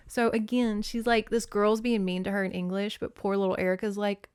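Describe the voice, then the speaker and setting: A woman's voice: medium pitch, moderate pace, clean tone, dry recording, clean studio sound. Chatty woman recapping a book. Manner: chatty, swears, laughs often, animated retelling. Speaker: host reviewing books.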